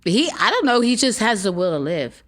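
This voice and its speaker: A woman's voice: medium pitch, sing-song, fairly quick, fairly bright tone. Blunt, earnest middle-aged woman. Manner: earnest, blunt, swears freely. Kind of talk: casual podcast chat.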